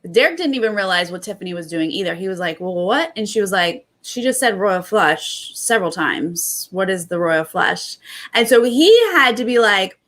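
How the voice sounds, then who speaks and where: A young adult woman hosting a casual recap, retelling events in animated bursts and quoting others. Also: mid-range voice, moderate pace. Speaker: host.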